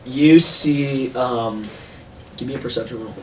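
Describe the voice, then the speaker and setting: A man's voice: medium pitch, unhurried, fairly bright tone. A man narrating a tabletop game as game master, rambling with many fillers. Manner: rambling, heavy use of "like" fillers. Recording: echoey room, distant mic, faint noise.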